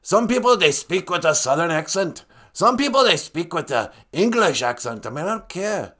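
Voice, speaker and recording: A man voicing a gruff male creator spirit who talks like a pirate, booming and fatherly. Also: big pitch swings, normal speed, pushed and bright, full character voice. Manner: booming, fatherly, calls others "me son".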